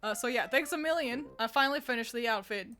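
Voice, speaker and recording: A woman's voice: on the high side, quick pace, sharp tone. A young woman from the United States streaming and chatting casually with her viewers, rambling with frequent laughter and restarts. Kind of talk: casual chat with chat readers.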